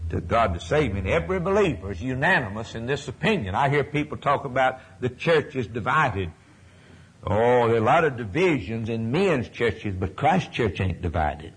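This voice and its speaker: Husky-voiced impassioned male preacher. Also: medium pitch. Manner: impassioned, swings from loud declaring to hushed near-whispers; folksy, repetitive phrasing. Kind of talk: sermon.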